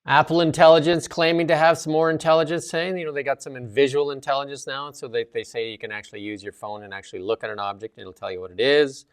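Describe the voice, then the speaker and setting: A man's voice: mid-range voice, steady tone, fast, few pauses. A man co-hosting a talk show, chatting casually in a rambling way with many fillers. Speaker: co-host.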